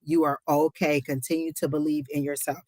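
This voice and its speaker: A woman giving a live psychic reading, emotional and close to tears, warmly encouraging the viewer and calling her honey. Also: low voice, flat delivery, fairly quick, noisy background. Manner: talks to the chat as y'all. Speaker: psychic reader on a live stream.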